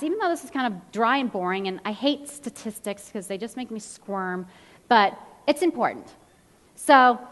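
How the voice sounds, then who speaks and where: A woman in her thirties gives a motivational talk as a fitness trainer, with a voice of ordinary pitch for a woman. She tells her stories with lively energy and acts out quotes from the people in them. Her voice rings with the long reverb of a large hall. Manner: animated storyteller, acts out quotes.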